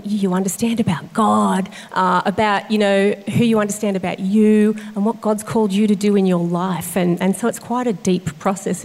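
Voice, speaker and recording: In a big-sounding room, a woman associate pastor with a medium-pitched, darkish voice discusses her calling in a conversational interview. She speaks earnestly and thoughtfully, with frequent fillers and restarts.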